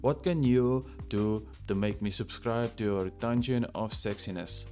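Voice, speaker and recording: A man's voice: medium pitch, moderate pace, hardly any pauses, a little mellow, faint music behind. A man doing a comedic, mock-seductive voice-over for his gaming video. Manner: playful mock-seductive teasing.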